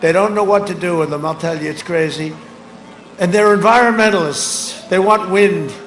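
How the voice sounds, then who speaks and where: A high-pitched older man speaks into a podium microphone at a big outdoor rally, rambling and boastful, jabbing with mocking asides and shouted lines. His voice booms back off the PA with a strong echo. A loud crowd murmurs and roars behind him. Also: moderate pace, slight background noise. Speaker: politician addressing a rally. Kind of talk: campaign rally speech. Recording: echoing PA sound over a loud crowd. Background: crowd ambience.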